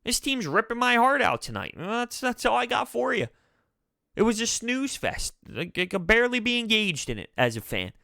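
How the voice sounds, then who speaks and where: A male sports vlogger venting about his team in a bright, forceful voice. He is animated and exasperated and laughs through the frustration. The sound is dry and close, with no room in it. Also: very high voice, normal speed, gravelly, dry recording. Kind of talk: fan reaction commentary.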